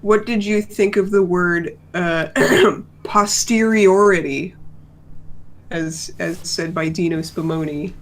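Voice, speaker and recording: A woman's voice: lowish voice, steady tone, takes it slowly, few pauses. A woman co-hosting a casual podcast, chatting and laughing often as she reviews a cartoon episode. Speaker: podcast co-host.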